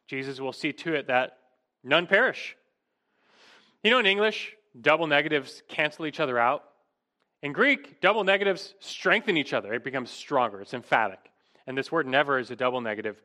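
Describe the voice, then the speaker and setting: A man delivers an expository sermon in a mid-range, expressive voice, fairly quick and pushed and bright. He preaches emphatically, asking rhetorical questions and rising in pitch to stress key words.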